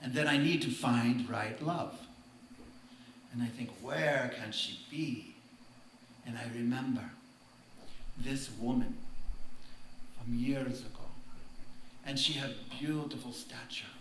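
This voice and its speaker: A man telling a story on stage in slow, simple broken English, breaking into song now and then, heard from far off in a large hall. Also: medium pitch, a little hiss or hum. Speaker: stage performer. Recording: roomy hall from far off, guitar behind.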